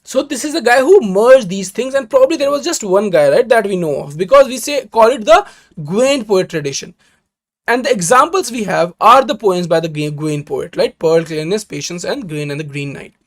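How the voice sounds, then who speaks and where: A teacher gives a live online literature lecture for exam prep. The teacher explains step by step, often checks in with "right?", and reads lines of verse slowly. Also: mid-range voice, big pitch swings. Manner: greets viewers by name mid-lecture.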